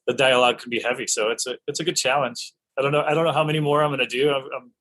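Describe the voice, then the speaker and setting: A middle-aged male actor being interviewed, telling lively anecdotes in casual chat and laughing often. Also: mid-range voice, very fast, poor audio.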